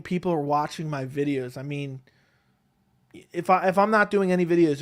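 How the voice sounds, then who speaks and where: A man hosting a casual live stream at home, reading chat questions and answering them in a relaxed, rambling way on a close desk mic. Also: on the high side. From Connecticut, USA. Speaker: MMA YouTube host reading live chat. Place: home, seated in a chair. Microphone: close desk microphone.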